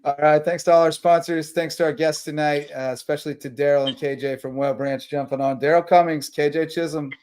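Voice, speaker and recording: A man hosting a late-night live sports talk show, chatting casually and rambling through sponsor shout-outs while tired. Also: fairly high pitch, fairly even intonation, a little fast, few pauses. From South Carolina Lowcountry.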